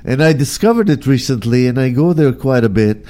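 A man's voice: medium pitch, lively intonation, a little fast, mellow. A man co-hosting a casual talk show, rambling with many fillers and restarts. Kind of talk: casual chat. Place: near Burbank, California.

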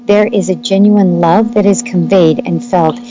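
A woman guest speaking gently and earnestly about love in a relationship chat. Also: on the low side, fairly even intonation, a little slow, highs cut off.

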